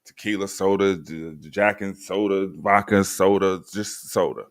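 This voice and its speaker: A man's voice: sits low, fairly even intonation, moderate pace, no room sound, clean studio sound. A man hosting a casual podcast chat, laid-back and slangy, joking as he talks. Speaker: podcast host. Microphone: remote stream mic.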